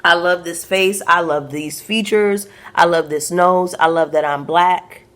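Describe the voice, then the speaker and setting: Young woman, Brooklyn accent with Bajan and patois flavour, low voice, animated TV recapper. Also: a little slow. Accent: Brooklyn with a Bajan and Caribbean patois touch. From Brooklyn, USA. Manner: sassy, animated, frank asides to viewers. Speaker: YouTube reality TV recapper. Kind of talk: casual recap commentary.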